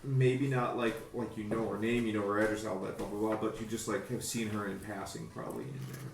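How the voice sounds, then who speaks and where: A man narrating a tabletop game as game master, halting, with many fillers. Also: lowish voice, level tone, creaky. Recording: echoey room, faint music.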